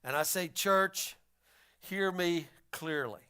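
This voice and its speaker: A man preaching a sermon, telling stories in a folksy, animated way. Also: sits high, slow, clear, resonant tone. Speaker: pastor.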